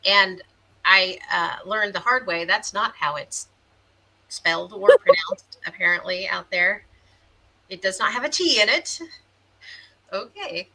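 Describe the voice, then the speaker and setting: A woman's voice: medium pitch, expressive, unhurried, long pauses, sharp tone, low-quality recording. A chatty woman with a Southern American accent, co-hosting a live podcast and reading viewer comments aloud. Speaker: podcast co-host. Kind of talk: casual chat on a live stream.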